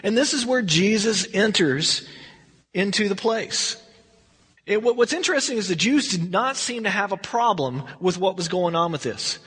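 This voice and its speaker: High-voiced man teaching scripture. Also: lively intonation, moderate pace, a bit bright, breathy edge. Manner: conversational, rambling storytelling. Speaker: bible teacher. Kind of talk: verse-by-verse bible study. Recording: long hall reverb.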